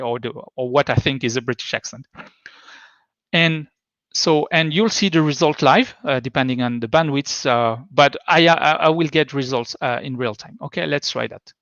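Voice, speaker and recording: Male tech presenter, mid-pitched, halting explanatory delivery; muffled, dry recording. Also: a bit bright, dry recording. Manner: hesitant, explanatory, stop-start phrasing. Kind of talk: online tech talk presentation. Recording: dull lo-fi dry sound.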